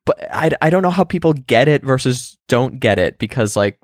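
A man co-hosting a podcast, musing in halting casual chat with many restarts. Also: medium pitch, animated, dry recording, clean studio sound. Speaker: podcast co-host.

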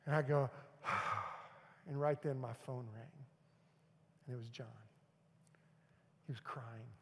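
Middle-aged pastor guy preaching, loud then hushed, echoing church hall. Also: medium pitch, husky. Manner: storytelling, swings from loud urging to hushed near-whispers. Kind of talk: sermon with personal story. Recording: long hall reverb.

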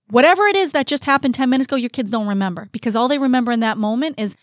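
A woman's voice: on the high side, animated, very fast, hardly any pauses, no echo. Woman, 30s, candid podcast co-host, dry close sound. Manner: candid, confiding, speaks straight to listeners. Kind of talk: casual chat about parenting.

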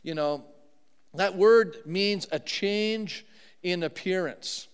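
A man's voice: high voice, slow, smooth. A middle-aged man preaching a sermon as pastor, telling a personal story in a conversational way with many asides, recorded in a church sanctuary. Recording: long hall reverb.

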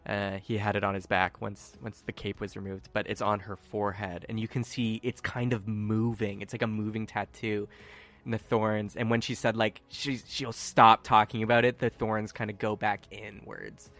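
A man's voice: lowish voice, little pitch movement, normal speed, a bit bright. A man acting as game master, narrating a tabletop game casually with many fillers.

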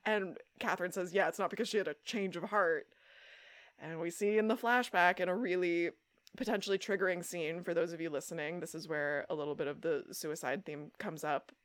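Animated woman podcast co-host. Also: fairly low pitch, brisk. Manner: animated, swears, acts out quotes. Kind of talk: casual chat recapping a TV episode.

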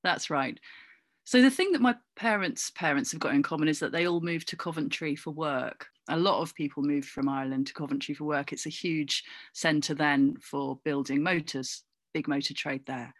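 A middle-aged woman from England, chatting as a guest in an interview, animated and full of asides and fillers. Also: deep voice, moderate pace, no room sound. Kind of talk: casual interview chat.

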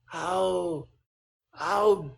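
A man imitating a friendly male toy executive with a put-on Japanese accent and broken, halting English. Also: high-pitched, gravelly, full character voice.

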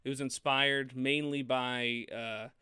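A man co-hosting a film podcast in casual chat, animated and laughing often as he talks. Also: mid-range voice, takes it slowly, smooth, dry recording. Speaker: podcast co-host.

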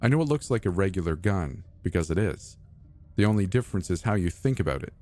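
A man voicing a gentle, patient young man who speaks softly and reassures a frightened friend. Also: deep voice, animated, fast, faint music behind. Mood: explaining. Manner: soft, patient, quietly encouraging.

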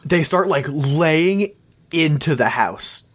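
A young man chatting casually about a film, relaxed and wry, dropping quick asides. His voice sits a bit higher than most men's. He talks loosely, with many fillers. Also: slightly rough. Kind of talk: casual movie chat.

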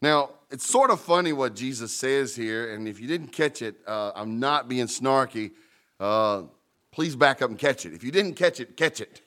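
A man's voice: medium pitch, animated, moderate pace, fairly bright tone. A male pastor preaching a sermon in a mid-range voice. He leans hard on key words and repeats them for emphasis. He moves easily between solemn prayer and casual asides to the congregation.

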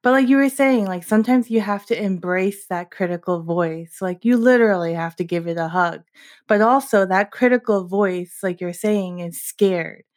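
A woman's voice: medium pitch, moderate pace, a little mellow. A woman interviewing a guest, agreeable and casual, often using "like" and "you know".

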